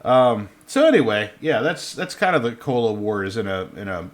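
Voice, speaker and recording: Male co-host, thirties, casual podcast chat, rambling and self-correcting, quick to laugh. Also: mid-range voice, very animated.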